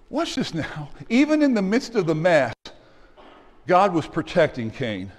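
A man's voice: on the high side, measured pace, long reverb tail. A man, the pastor, preaching a sermon in a church and calling out to the congregation as he teaches. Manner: animated preaching with call-outs to the congregation. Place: church sanctuary.

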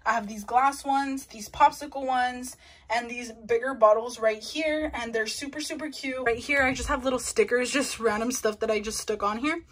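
Chatty young woman, quick and nervous. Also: fairly high pitch, a bit bright. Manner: fast, chatty, nervous, lots of fillers. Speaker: nail artist showing her workspace. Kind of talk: casual room-tour vlog.

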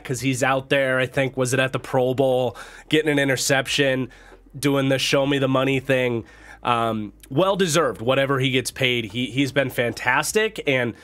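Male channel host, nasal with a cold, middle pitch, chatty football commentary with fillers. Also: fairly bright tone. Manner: chatty, thinking aloud with fillers and restarts. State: recovering from a cold. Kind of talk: casual commentary to camera.

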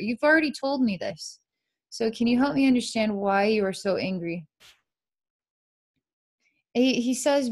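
A woman psychic leading a live energy-healing session, speaking softly with frequent sighs and dreamy, repetitive descriptions of what she sees. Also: a little high. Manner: soft, sighing, repetitive, dreamy narration of visions.

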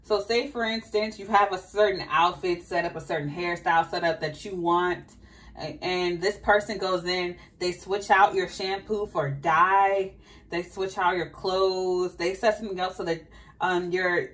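A woman's voice: fairly low pitch, steady tone, normal speed, fairly bright tone, distant mic. A woman with a slight Southern American accent, giving a chatty, think-aloud tarot reading to her viewers. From Southern United States. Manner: chatty, thinking aloud, repeats questions to spirit. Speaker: tarot reader. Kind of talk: casual tarot reading monologue.

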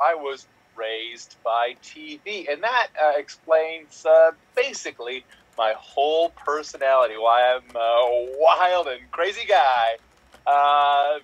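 Rambling male improv performer, dull audio. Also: a little high. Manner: rambling, hesitant, full of uhs. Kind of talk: improvised comic monologue.

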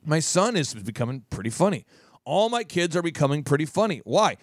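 Animated jokey man giving advice. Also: fairly high pitch, brisk, no echo, studio quality. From Minnesota. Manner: jokey, animated, repeats phrases. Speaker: podcast host and business coach. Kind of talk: advice monologue.

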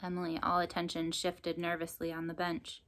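A woman narrating a children's storybook chapter in an expressive, lively storytelling manner. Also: fairly low pitch, moderate pace, slight background noise. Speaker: audiobook narrator.

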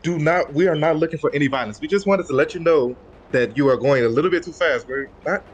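A man role-playing a police officer in a game, pleading and trying to calm a driver down. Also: on the high side, fast talker, highs cut off, slight background noise.

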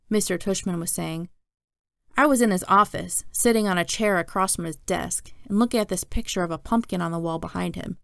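A woman reading a children's novel aloud in a steady, plain narrating voice. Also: on the low side, fairly quick, gravelly, no room sound, clean studio sound. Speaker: storyteller.

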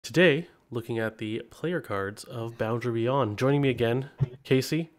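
A man hosting a podcast in a relaxed, chatty style. He teases his co-host and laughs often, and his voice sits at a middle pitch for a man. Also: moderate pace. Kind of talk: casual podcast chat.

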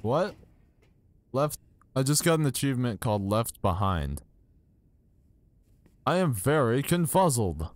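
An excitable young man talks through a video game as he plays, with a voice that swoops up and down. He speaks slowly and unhurriedly, and mocks himself cheerfully into a desk microphone. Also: mid-range voice, dry recording. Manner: excitable, self-mocking reactions while playing. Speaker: gaming YouTuber. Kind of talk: casual let's-play commentary. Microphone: new desk microphone.

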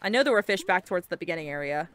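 A young woman giving casual, excitable let's-play commentary while playing a game, chatty and swearing casually. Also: lowish voice, rapid-fire, clear, resonant tone. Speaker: gaming video creator.

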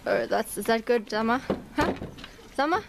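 A woman's voice: lively intonation, moderate pace, creaky, background noise. A woman vlogging as she walks through her stables, chatting to viewers and calling out to the horses. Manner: chatty, calls out to horses in a high sing-song. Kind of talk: casual walk-and-talk vlog.

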